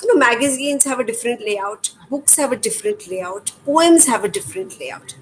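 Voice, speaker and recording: Her voice fairly high with lively intonation and a moderate pace, a middle-aged Indian English-accented educator patiently shows parents how reading activities work, asking rhetorical questions as she goes. The low-quality recording has faint background noise.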